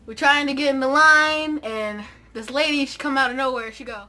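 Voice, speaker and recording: A young woman with a high, bright voice recounts a personal story straight to camera. She is theatrical and comic, swinging between hushed asides and excited exclamations. Light music plays quietly underneath. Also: normal speed, hardly any pauses. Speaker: vlogger. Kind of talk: animated storytime vlog.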